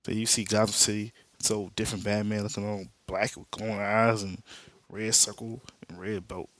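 A man's voice: fairly low pitch, level tone, moderate pace, fairly bright tone, dry recording. A man hosting a podcast, casually recapping a comic book storyline in loose, slangy storytelling with spoken sound effects. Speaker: podcast host.

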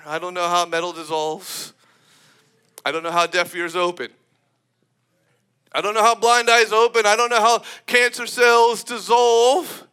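A man preaching a sermon in an animated, emphatic way, often breaking into laughter. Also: sits high, clear, resonant tone.

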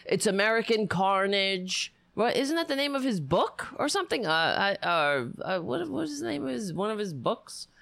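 A woman hosts a political commentary rant, sarcastic and indignant, often restarting her sentences. Her voice sits at a middle pitch and sounds close and dry, with no room around it. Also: creaky, fairly bright tone, no echo.

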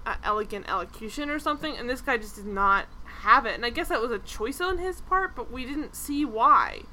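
Bright chatty woman podcaster. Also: on the high side. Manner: chatty, animated, many "like" fillers. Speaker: podcast co-host. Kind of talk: casual TV review chat.

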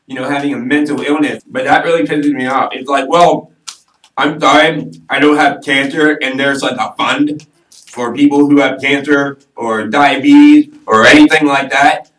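A man speaking as a podcast guest, candid and joking and quick to mock himself. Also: mid-range voice, a bit bright. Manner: candid, joking, self-mocking. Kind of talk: casual podcast chat. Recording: roomy, mic at a distance.

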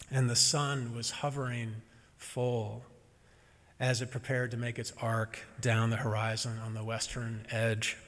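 A man preaching a sermon as a minister, gentle and reflective with touches of humor. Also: medium pitch, in a large hall.

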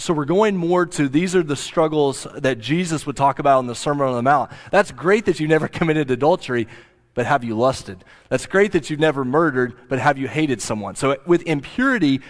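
Man teaching scripture in a reverberant hall. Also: medium pitch. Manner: earnest, explanatory, stresses key words. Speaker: pastor teaching the Bible. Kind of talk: expository Bible teaching. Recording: long reverb of a large hall.

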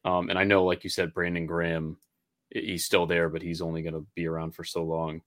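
A man's voice: sits low, monotone, fairly quick. A man co-hosting a podcast, chatting and analyzing football picks, with fillers and repeated words. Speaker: podcast co-host. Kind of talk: casual sports podcast chat.

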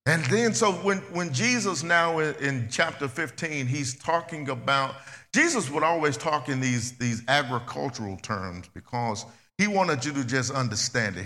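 A man preaching a sermon as pastor, talking plainly and conversationally, repeating phrases and swinging between loud and soft. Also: medium pitch, in a large hall.

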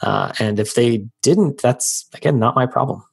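A man's voice: medium pitch, gravelly, slightly rough. A man in his thirties, a podcast guest, talking casually and telling stories with acted-out quotes. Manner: fast, storytelling with acted-out quotes. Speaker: guest, freelance business owner.

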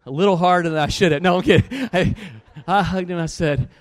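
A man preaching a sermon, telling a story with animated swings between loud bursts and low, earnest pleas. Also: fairly quick, few pauses, long reverb tail.

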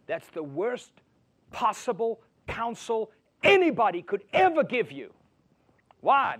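A male preacher with a high voice delivers a sermon. He swings between booming emphasis and quiet, intimate storytelling. He keeps pressing his listeners with rhetorical questions. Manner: asks the audience rhetorical questions. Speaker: pastor.

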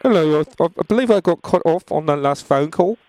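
A man putting on the voice of a polite British tourist on holiday for a prank phone call, halting and repeating himself. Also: on the high side, expressive, a little mellow, dry recording, close to an everyday voice. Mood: fumbling.

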